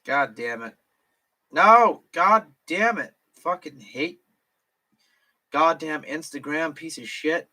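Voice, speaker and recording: A man's voice: a little high, lively intonation, slow pace, sharp tone. A drunk young man chatting casually on a late-night livestream, swearing, slurring and laughing to himself. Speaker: streamer.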